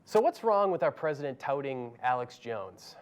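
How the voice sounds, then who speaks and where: A man's voice: mid-range voice, big pitch swings, normal speed. A man hosting a comedy show, delivering scripted commentary in a dry, sardonic way.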